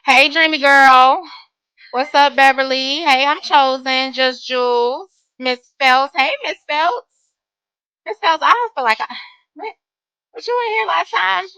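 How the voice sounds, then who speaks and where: Casual live-stream host, woman, high and bright voice, dry close sound, stretches her greetings, a little sniffly. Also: no echo, muffled recording. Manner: greets chat viewers by name, drawn-out greetings. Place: home bedroom.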